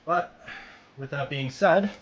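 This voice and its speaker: A man's voice: fairly high pitch, slow pace, muffled recording, slight background noise. A tired man hosting a livestream in casual chat, rambling and self-deprecating. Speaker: livestream host.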